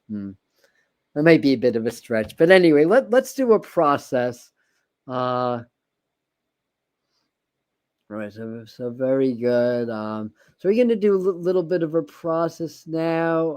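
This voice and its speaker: A man's voice: mid-range voice, warm tone. Rambling man hosting a tarot livestream. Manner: rambling, many repeated words and restarts, reads viewer comments aloud. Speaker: tarot reader and livestream host. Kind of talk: casual livestream chat.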